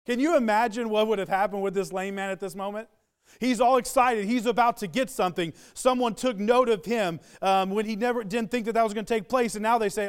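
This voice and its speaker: A man's voice: high voice, a little fast, smooth. A man preaching a sermon, retelling a story with earnest, building emphasis.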